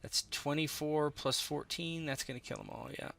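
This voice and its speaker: A man's voice: fairly high pitch, moderate pace, vocal fry, fairly bright tone. A man running a tabletop game as game master, explaining rules and thinking aloud with many fillers.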